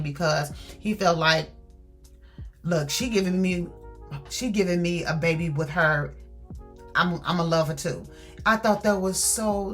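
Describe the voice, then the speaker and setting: A woman giving a casual, animated book review, retelling the story with acted quotes. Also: on the low side.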